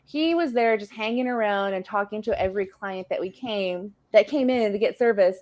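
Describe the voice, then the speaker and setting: A woman chatting casually, telling a work story in a brisk, matter-of-fact way. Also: mid-range voice, a little mellow. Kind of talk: casual chat.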